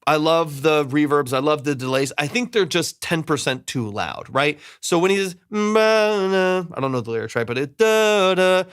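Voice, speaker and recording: A man's voice: fairly high pitch, fairly quick, few pauses, a bit bright, dry recording, studio quality. A man giving casual, hedging mix feedback as a music producer, repeating himself and humming parts with da-da sounds. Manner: hedging, repeats words, scats melodies with da-da. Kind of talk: casual live critique.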